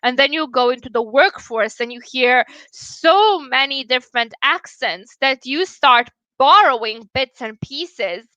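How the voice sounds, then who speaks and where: High, bright-voiced woman streamer. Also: expressive, a little slow, hardly any pauses, no room sound. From Romania. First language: Romanian. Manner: outspoken and blunt, swears casually. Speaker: livestream host. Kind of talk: casual livestream chat.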